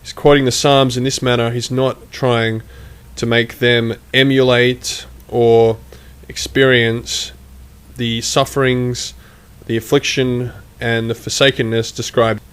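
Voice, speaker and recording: A man giving critical commentary, measured and emphatic, reading quotations aloud as he argues. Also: mid-range voice, level tone, a bit bright, smooth. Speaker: online commentator.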